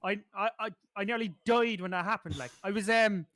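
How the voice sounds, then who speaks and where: A man co-hosting a football watch-along in casual chat, excitable and swearing, with colourful comparisons. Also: high voice, brisk, no room sound.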